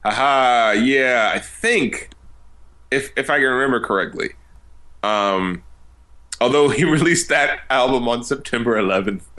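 A man's voice: mid-range voice, animated, normal speed, pauses often, bright, forceful tone. A man in a casual podcast chat, laughing often and talking with lots of fillers.

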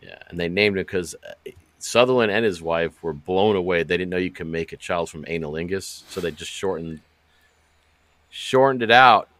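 A man co-hosting a movie podcast, trading crude jokes in a deadpan, casual way. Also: low voice, moderate pace, no echo. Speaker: podcast co-host.

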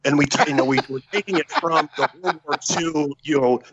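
A man, a former Special Forces soldier, telling a story as a podcast guest in a profane, animated way, acting out the dialogue. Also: a little high, a little fast, breathy edge, lo-fi sound. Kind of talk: casual war-story telling.

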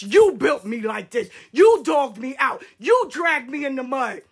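High-voiced woman ranting profanely. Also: expressive, normal speed, hardly any pauses. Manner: heated, profane and confrontational; emphatic repetition, swinging between shouts and low asides. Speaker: spiritual practitioner speaking to her community. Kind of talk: live-stream rant.

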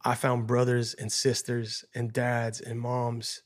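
A man's voice: medium pitch, monotone, slow. A man, a guest musician, telling a painful personal story in an earnest, emotional way, often repeating himself and saying "man.".

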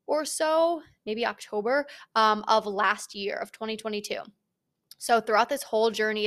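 A woman's voice: mid-range voice, a bit bright. A young adult woman hosting her own podcast, talking casually and energetically, with easy swearing and a friendly, upbeat delivery. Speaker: podcast host. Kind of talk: casual solo podcast talk.

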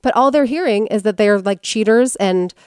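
A woman's voice: mid-range voice, moderate pace, darkish tone, smooth, no echo, clean studio sound. A woman hosting a podcast, telling a story in casual chat and acting out quotes in character voices.

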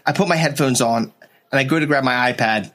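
A man's voice: mid-range voice, brisk. A man in casual chat, telling a travel story with lots of swearing and acting out other people's voices. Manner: animated, profane, acts out other people's voices.

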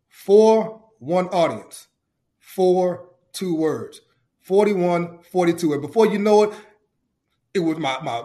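A man with a fairly high voice tells a faith story as a podcast guest. He talks with excitement and emotion, circling back to the same phrases the way a preacher does. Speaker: youth coach. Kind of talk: testimony-style storytelling.

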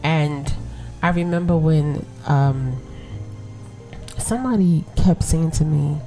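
Low, mellow Brooklyn woman podcaster. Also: very animated, a little slow, soft background music. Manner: conversational, laughs often, asks "right?" to listeners. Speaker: podcast host. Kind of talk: casual motivational talk to women listeners.

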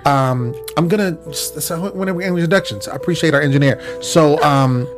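A man's voice: on the high side, normal speed. Guy hosting a tv recap show, goofy hype, ums everywhere, light music under him. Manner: playful, hypey, lots of ums. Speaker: podcast host. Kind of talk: casual TV after-show chat.

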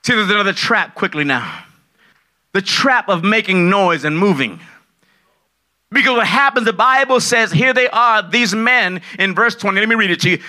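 A man preaching a sermon as pastor, loud and excitable, dropping from shouts to low asides and acting out the people in his stories. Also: moderate pace, pauses often. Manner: acts out dialogue in his stories. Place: large church hall at a conference.

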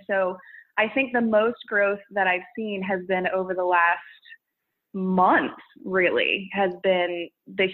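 A woman content creator chatting casually in an interview, rambling with restarts and laughing often. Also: medium pitch. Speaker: social media creator. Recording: tinny phone-like line.

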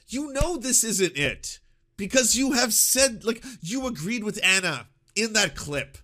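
Exasperated high, bright-voiced man. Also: big pitch swings, unhurried. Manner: exasperated, swearing, laughing in disbelief. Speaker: commentator reacting to clips. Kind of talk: casual reaction commentary.

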